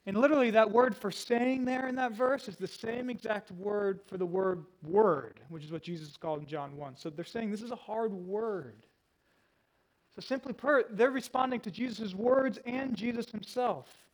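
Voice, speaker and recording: Guy preaching verse by verse, pretty high voice, laying out the outline. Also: moderate pace, low-quality recording. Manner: teaching verse by verse, outlining plainly. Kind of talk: sermon. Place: room with a congregation.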